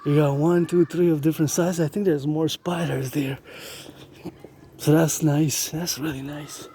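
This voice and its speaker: A man walking outdoors through residential streets, rambling excitedly and chatting to the decorations he films on his phone. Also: on the high side, a little slow, a little hiss or hum. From Canada. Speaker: vlogger. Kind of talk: casual walking vlog.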